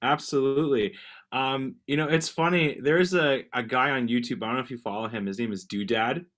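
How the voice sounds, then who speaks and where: A man's voice: mid-range voice, brisk, fairly bright tone. A man with a Canadian accent, chatting casually as a livestream guest over a video call and laughing often. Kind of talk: casual chat.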